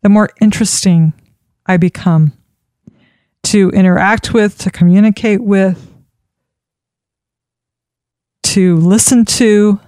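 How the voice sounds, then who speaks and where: A woman giving an instructional talk on public speaking, expressive and demonstrating pitch changes as she teaches. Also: measured pace, dry recording, studio quality. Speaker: speaking coach.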